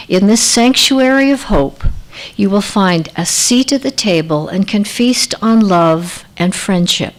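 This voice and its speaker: A woman leads a church service in a slow, measured voice. She speaks earnestly as she welcomes people and reads a short poem. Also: mid-range voice, low-quality recording. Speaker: worship service leader.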